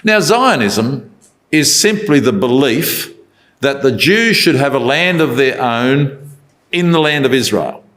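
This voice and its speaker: A man's voice: mid-range voice, animated, unhurried, fairly bright tone. A man giving a Bible talk in a conversational way, asking rhetorical questions as he tells the story. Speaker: Bible speaker.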